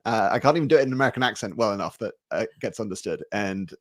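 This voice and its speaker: British man, low voice, dry close sound, understated, hesitant fillers. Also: lively intonation, racing, dry recording. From Britain. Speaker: guest, company founder. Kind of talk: casual webinar chat.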